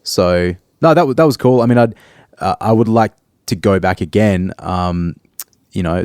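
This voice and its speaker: A man in his thirties with an Australian accent speaks in a low voice, recorded close and dry. He chats casually as a podcast co-host, reserved and halting, often filling pauses with ums. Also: a little mellow, no echo. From Perth, Australia. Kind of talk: casual chat.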